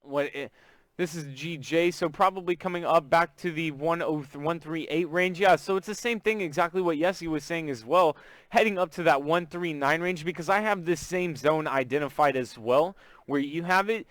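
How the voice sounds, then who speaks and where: A man's voice: fairly high pitch, normal speed, fairly bright tone, no echo. A man from Texas with a Southern accent, hosting a live trading stream in casual, chatty talk and greeting viewers by name. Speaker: forex trading stream host.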